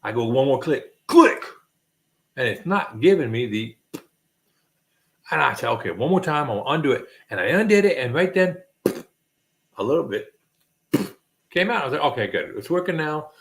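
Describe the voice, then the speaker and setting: A man's voice: medium pitch, big pitch swings, moderate pace, creaky, long pauses. A man hosting a casual livestream, telling a rambling, jokey story and mimicking clicking sounds along the way. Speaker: livestream host.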